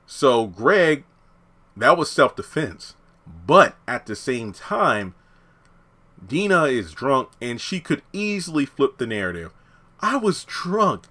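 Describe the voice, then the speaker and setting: A man reviewing a TV episode in a casual, blunt and animated way, retelling the scenes as he goes. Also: medium pitch, slow pace. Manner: animated, acts out characters' lines while retelling; blunt and opinionated.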